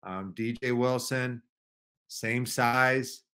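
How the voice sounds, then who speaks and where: A male co-host with a mid-pitched, bright voice, laying out his reasoning calmly in casual podcast chat. He talks in a measured, even way. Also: clean tone.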